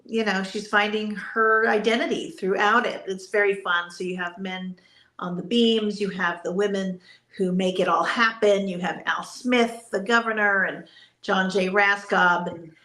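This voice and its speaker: A female stage actress chats as an interview guest. Her voice is bright and forward, she answers frankly and matter-of-factly, and the recording sounds roomy and echoey. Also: mid-range voice, steady tone, measured pace. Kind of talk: casual chat interview.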